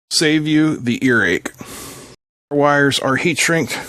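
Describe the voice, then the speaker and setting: A man's voice: mid-range voice, no echo. A man hosting an electronics tutorial from his home workbench, chatting casually and joking about himself while he works. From Appalachian region of the US. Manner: chatty, self-deprecating, talks while working.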